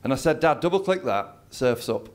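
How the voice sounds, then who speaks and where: A man's voice: medium pitch, animated, moderate pace. Man telling a stand-up story. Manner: storytelling, acts out his dad's lines. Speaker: stand-up comedian. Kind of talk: stand-up routine. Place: comedy venue with a live audience.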